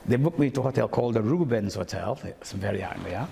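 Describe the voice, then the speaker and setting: A man's voice: fairly low pitch, fast, gravelly, in a large hall, a little hiss or hum. An older man from Montserrat, a toastmaster telling stories and acting out the voices of the people in them. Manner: animated storyteller who acts out quoted speech. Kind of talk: anecdotal storytelling.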